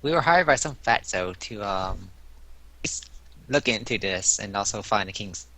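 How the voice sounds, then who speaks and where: A man's voice: lowish voice, lively intonation, normal speed, bright, forceful tone. A man playing a tabletop game, rambling and laughing as he talks. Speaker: player. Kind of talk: casual tabletop play.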